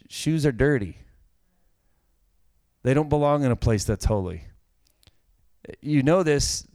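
A man's voice: mid-range voice, a little mellow, dry recording. A man preaching a sermon, with a casual, conversational manner and direct questions to the congregation. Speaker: pastor.

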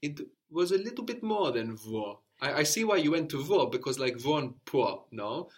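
A man's voice: on the high side, sing-song, moderate pace. Male tutor, patient and encouraging, guides a learner through drills. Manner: patient, encouraging, spells words out. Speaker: language teacher. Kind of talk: guided language lesson.

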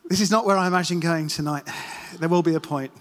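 A man with a fairly high voice gives a relaxed, chatty sermon in a church hall. The reverb rings long behind him. He tells self-deprecating stories and puts questions to the congregation. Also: fast talker. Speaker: preacher. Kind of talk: casual sermon with anecdotes.

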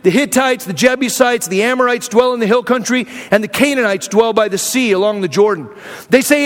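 A pastor with a strikingly high voice delivers a lively sermon, retelling scripture and acting out the quoted speakers. His voice rings out with a long reverb, as if recorded in a large church hall. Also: quick pace. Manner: animated storytelling, acting out quotes.

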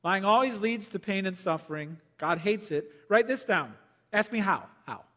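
Male pastor, high voice, animated sermon delivery, long reverb. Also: moderate pace. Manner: animated, acts out quoted voices.

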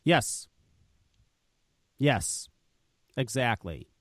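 A man's voice: mid-range voice, expressive, extremely slow, no room sound. A man co-hosting a podcast, ranting angrily and swearing emphatically as he reads and answers a comment. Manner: angry, profane, emphatic ranting. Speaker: podcast co-host. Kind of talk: heated podcast rant.

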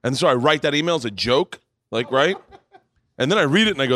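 A middle-aged man hosting a live podcast, rambling loudly through stories, swearing and laughing. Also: medium pitch, lively intonation, fast talker. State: tipsy. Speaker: podcast host. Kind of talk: live podcast comedy storytelling. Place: brewery stage before a live audience.

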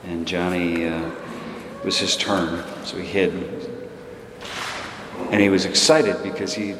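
A man preaching, telling a story in a relaxed way with some fillers. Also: low voice, a little slow. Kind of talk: storytelling sermon. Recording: echoey hall with background noise.

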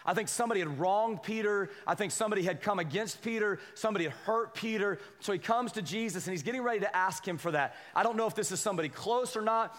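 A man's voice: high voice, fairly bright tone. A man preaching a sermon as pastor, reading scripture aloud and calling on the congregation for responses. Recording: long hall reverb.

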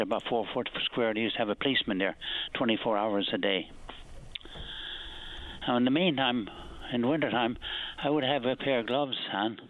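A man in his eighties with a Newfoundland accent, calling into a radio show and rambling through stories. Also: mid-range voice. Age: 80s. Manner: rambling, storytelling. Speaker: caller. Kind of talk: phone-in call. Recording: tinny phone line.

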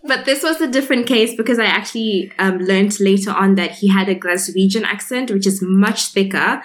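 A woman recounting experiences in casual conversation, animated, acting out quoted lines and laughing often. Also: mid-range voice, normal speed. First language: grew up speaking English in a former British colony. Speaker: interview guest.

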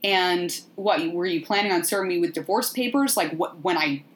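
A woman's voice: on the low side, normal speed, lightly acted. A woman mimicking an indignant betrayed wife. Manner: exasperated, swearing.

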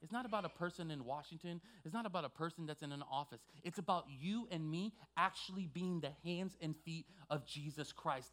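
A male pastor preaching a sermon with passion, swinging from quiet asides to loud, emphatic exhortation. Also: a little high, a little fast, few pauses.

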